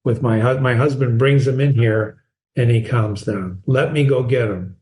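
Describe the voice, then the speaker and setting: A man's voice: mid-range voice, moderate pace, darkish tone, voice pushed down, lightly acted. A man reading aloud the lines of a frightened young mother pleading anxiously. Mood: worried.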